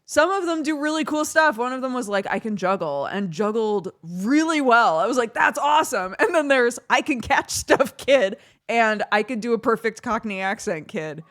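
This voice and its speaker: On the high side and at normal speed with few pauses, a young woman streamer chats casually and tells a story. She's giggly and animated, laughing frequently throughout.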